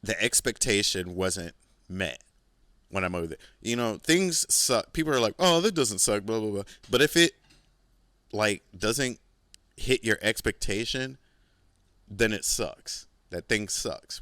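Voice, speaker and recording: A man's voice: fairly low pitch, expressive, a little slow, bright, forceful tone, no echo. A man hosting a podcast, telling a rambling, profane story in a casual solo monologue. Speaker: podcast host.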